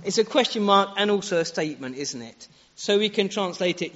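High-voiced earnest male preacher. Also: animated, moderate pace, hardly any pauses, a bit bright. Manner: earnest, uses rhetorical questions, shifts pace for emphasis. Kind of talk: sermon. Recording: echoey hall, dull lo-fi sound.

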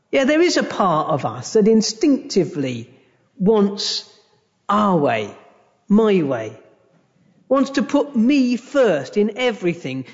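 Male preacher, high lively voice, slow deliberate sermon, dull church live-stream sound. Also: long reverb tail. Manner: slow, emphatic preaching with long pauses.

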